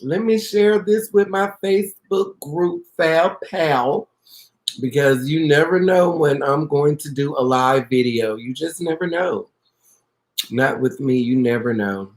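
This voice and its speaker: Give me a woman chatting on a live stream, effusive and affectionate, calling viewers by name and praying out loud. She talks slowly, and her voice carries a roomy echo. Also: a bass voice. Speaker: orchid pot seller hosting a live video. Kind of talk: casual live-stream chat.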